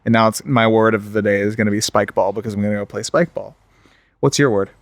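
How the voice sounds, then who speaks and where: A man's voice: fairly low pitch, fairly even intonation, quick pace, no echo. A man hosting a podcast in casual chat, playful and restless. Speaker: podcast host.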